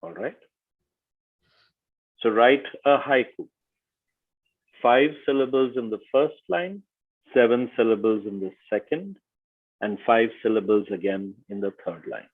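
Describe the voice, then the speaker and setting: Man, workshop facilitator, online lesson, unhurried careful delivery, tinny video-call sound. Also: medium pitch. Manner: slow, deliberate, stresses each syllable. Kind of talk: online teaching session.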